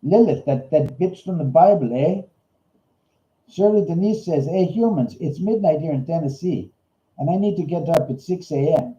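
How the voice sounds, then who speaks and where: A man's voice: a little high, expressive, normal speed, mellow, close to an everyday voice. A man putting on a goofy Canadian ghost hunter, eh. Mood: joking. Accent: put-on Canadian. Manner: jokey, ends lines with "eh", calls people hosers. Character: goofy stoner male Canadian ghost investigator. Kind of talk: comic bit on a livestream. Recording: roomy, slightly dull livestream audio.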